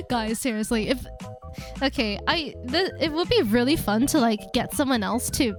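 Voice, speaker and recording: A woman streaming a game live, reading the story text aloud and reacting with excited, startled exclamations. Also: fairly high pitch, unhurried, over music.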